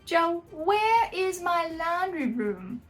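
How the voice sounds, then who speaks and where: A woman's voice: very high-pitched, sing-song, slow pace, fairly bright tone, soft background music, voice pushed up, exaggerated voice. A woman voicing a homeowner wife in a hammy, put-on odd accent. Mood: demanding. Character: homeowner wife planning a kitchen renovation.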